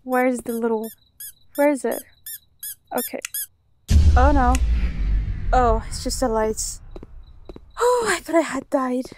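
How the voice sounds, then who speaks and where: A woman's voice: high voice, lively intonation, slow, pauses often, a little mellow. A woman chatting nervously to herself as she plays a spooky video game, commenting on each door and noise. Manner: chatty, jumpy, talks to herself. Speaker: gamer. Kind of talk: let's play commentary.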